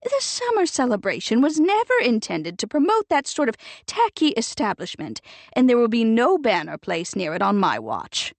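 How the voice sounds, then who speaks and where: A woman's voice: fairly high pitch, huge pitch swings, normal speed, no echo, voice pushed up. A woman voicing a prim, disapproving older woman who fusses over town committee business, speaking airily and with firm emphasis. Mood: indignant. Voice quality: haughty, emphatic and airy.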